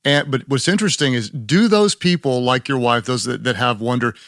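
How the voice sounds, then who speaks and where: A man's voice: mid-range voice, brisk, fairly bright tone, no echo, clean studio sound. A man hosting a podcast interview, listening closely and asking eager questions. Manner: attentive, frequent short affirmations, eager questions. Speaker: podcast host.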